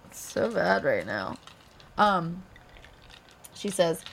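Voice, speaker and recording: A woman's voice: on the low side, very animated, slow pace, vocal fry, a little hiss or hum. A woman chatting casually on a vlog, dry and teasing, laughing often. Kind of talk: casual chat.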